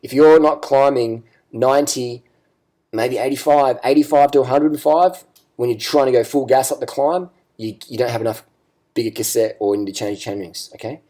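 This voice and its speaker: A man's voice: mid-range voice, normal speed, warm tone. A man ranting bluntly in a casual cycling vlog, swearing and repeating himself. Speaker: cycling vlogger. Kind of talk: ranting video commentary.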